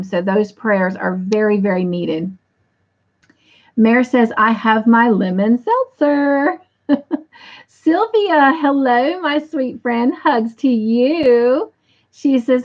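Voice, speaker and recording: A woman's voice: mid-range voice, highs cut off. A woman hosting a casual livestream, reading viewer comments aloud in an affectionate way. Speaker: livestream host.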